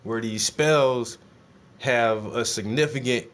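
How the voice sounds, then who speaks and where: Swearing freely and firing rhetorical questions, a man casually addresses his viewers while streaming himself painting, blunt and animated in manner. His voice is medium in pitch and slow in pace.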